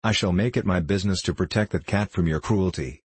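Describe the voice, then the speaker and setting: A man's voice: sits low, fairly quick, breathy edge, no room sound. Man reading as a cool-headed brave boy. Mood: firm. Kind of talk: audiobook reading.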